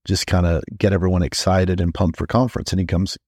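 Brief: male pastor-host, deep voice, emphatic repetition, dry booth sound. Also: steady tone, a little mellow, dry recording. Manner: emphatic, repeats phrases for effect; frequent quick restarts and stammers. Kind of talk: conversational teaching podcast.

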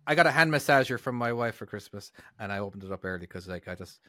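Podcast co-host: man, bright and lively, joking, dry sound. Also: on the low side, dry recording. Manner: joking, quick to tease. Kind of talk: casual chat.

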